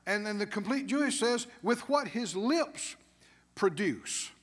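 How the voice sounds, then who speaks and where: A man's voice: high-pitched, lively intonation, a little slow, long reverb tail. A man preaching a sermon as pastor, emphatic, with call-and-response questions to the congregation.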